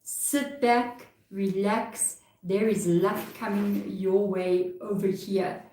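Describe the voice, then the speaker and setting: Warm and medium-pitched, a South African woman's voice carries a live tarot reading that's reassuring, chatty, and full of laughter. The mic is far off in an echoey room.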